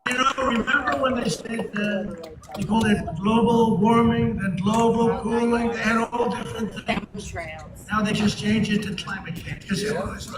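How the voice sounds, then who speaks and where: A man giving a rambling rally speech to a live audience, boastful and digressive, with mocking asides. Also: very high-pitched. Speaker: political speaker addressing an audience. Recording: distant, echoey live feed with noise.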